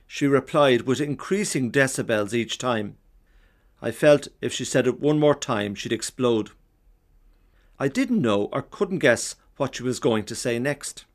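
A man's voice: medium pitch, lively intonation, moderate pace. A man, telling wry everyday stories in a devotional talk. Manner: wry, anecdotal. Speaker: speaker giving a seasonal reflection.

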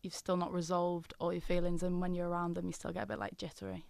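Smooth-voiced young woman guest. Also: lowish voice, little pitch movement, quick pace, a little mellow, dry recording. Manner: laughing, short casual answers. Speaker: singer guest. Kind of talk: radio interview. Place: radio studio.

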